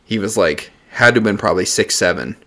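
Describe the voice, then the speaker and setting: A young man chatting casually, blunt and deadpan, swearing freely as he tells work stories. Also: fairly low pitch, fast. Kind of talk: casual chat.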